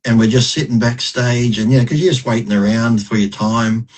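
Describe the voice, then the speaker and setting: A middle-aged man with a husky, mid-pitched voice, talking as a podcast guest. His stories come out blunt and profane, and he is quick to laugh at himself. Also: fairly even intonation, a little mellow, low-quality recording. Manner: blunt, profane, self-mocking. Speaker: podcast guest, retired bodybuilder. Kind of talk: casual interview storytelling.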